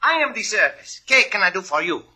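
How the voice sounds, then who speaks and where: An actor playing a showy, excitable hotel clerk with a Spanish accent in a 1950s radio drama. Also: male voice, high voice, fairly quick, slightly rough, heavily acted. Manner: exaggerated, excitable.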